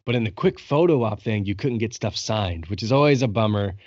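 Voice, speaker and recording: A fairly low-voiced young man chats on a podcast, piling up stories with easy swearing and bursts of excitement. The sound is dry and close, though a little dull and muffled. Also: a little fast, no room sound. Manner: excited storytelling, swears freely. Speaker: podcast host. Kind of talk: casual chat.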